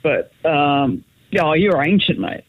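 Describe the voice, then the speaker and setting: A man from Australia with an Australian accent, calling in to a talk show and joking, with halting restarts. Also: on the high side, sing-song. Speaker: caller. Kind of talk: casual phone call. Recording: tinny phone line.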